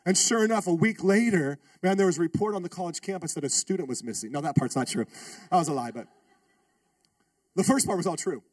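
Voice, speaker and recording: A man's voice: sits high, fast talker, breathy edge, no echo, distant mic. A man preaching a sermon as a pastor, telling a funny story and calling out to the congregation. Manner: animated, humorous, calls out to the congregation.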